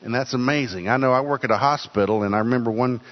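A man's voice: mid-range voice, fast talker. An older man preaching a sermon in an earnest way, often repeating words for emphasis. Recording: dull sound with long hall reverb.

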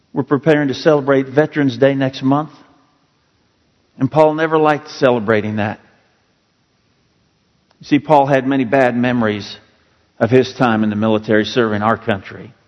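A man's voice: mid-range voice, normal speed, pauses often, long reverb tail, dull audio. A male pastor preaching a sermon in a church, earnest and storytelling, leaning hard on key words. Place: church sanctuary.

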